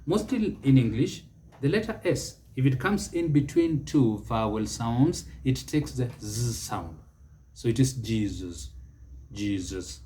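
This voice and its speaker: A Kenyan-accented man teaches English pronunciation, speaking deliberately and repeating each word for emphasis. His voice is medium-pitched and mellow.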